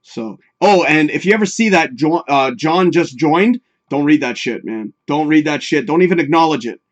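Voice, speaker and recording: At a moderate pace, this man talks with a somewhat high voice and lively intonation. He runs a livestream show, chatting freely with plenty of swearing and laughter, reading out viewer comments and offering jokey advice.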